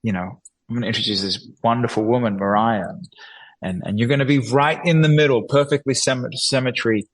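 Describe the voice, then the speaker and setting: A man's voice: mid-range voice, poor audio. A man guest in an interview, talking earnestly and animatedly, often restarting sentences and acting out little quotes. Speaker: guest, musician and filmmaker. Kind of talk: reflective conversational interview.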